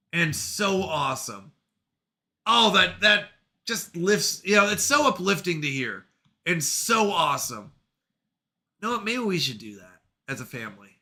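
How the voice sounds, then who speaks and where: A man in his thirties with a high, very bright voice, hosting a casual live stream. He reads viewer messages aloud and answers each one with quick, animated reactions, thanking people and apologizing for falling behind. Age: 30s. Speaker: streamer reading chat.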